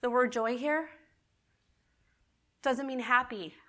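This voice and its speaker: Bright, animated woman preaching. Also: a little high, slow. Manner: animated and emotional, repeats key words. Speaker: women's ministry speaker. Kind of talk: sermon.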